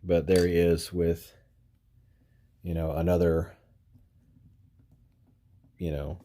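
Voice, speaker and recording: Toy-collector host: a deep-voiced man, easygoing and rambling, chuckling as he shows his figures. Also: flat delivery, slow, dark tone. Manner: rambling, filler-heavy, frequent "you know"; chuckles while handling figures. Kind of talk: casual toy review vlog.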